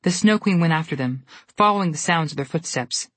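Woman, storybook narrator, low voice, husky, dry close recording. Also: brisk, dry recording. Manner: steady, expressive storytelling.

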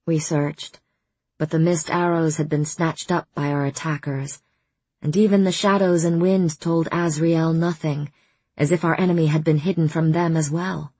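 Female audiobook narrator, low husky voice, measured first-person fantasy reading. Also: fairly even intonation, dark tone, no echo.

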